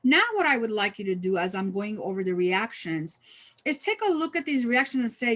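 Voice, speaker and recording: A woman's voice: medium pitch, very animated, a little fast, a bit bright. A woman trainer giving a conversational workshop talk on stress, with lots of fillers and restarts and a touch of humor. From United States. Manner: lightly humorous. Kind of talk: online training presentation.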